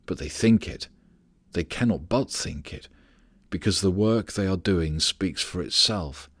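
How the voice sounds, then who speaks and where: A man narrating a philosophical audiobook in a measured, steady reading voice. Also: sits low, no echo, clean studio sound.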